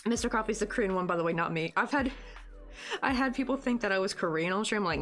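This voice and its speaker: A chatty woman with a Southern American accent talks loosely through a live stream, wandering between thoughts with plenty of "like" and "um". Her voice sits at an ordinary middle pitch for a woman, with faint music playing softly behind her. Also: expressive, fast talker. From United States. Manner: rambling, chatty, full of "like" and "um", reads out chat comments. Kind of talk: casual live stream chat.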